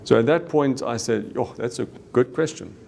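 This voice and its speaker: A man's voice: medium pitch, normal speed, creaky, a little mellow, slight background noise. A middle-aged South African man giving an earnest leadership talk, telling a personal story to make a point. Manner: earnest storytelling with Afrikaans exclamations. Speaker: business leader.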